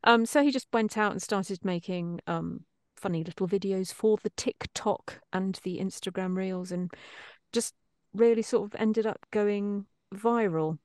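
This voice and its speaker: Middle-aged actress guest, rambling and self-deprecating, dry close sound. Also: female voice, mid-range voice, measured pace, darkish tone, no room sound. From Britain. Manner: chatty, self-deprecating, many restarts. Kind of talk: casual interview chat.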